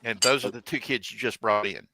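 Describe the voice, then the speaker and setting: A man narrating as game master of a tabletop game, halting and correcting himself as he goes. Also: fairly low pitch, sharp tone, slight background noise, rough recording. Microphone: desk mic on a live stream.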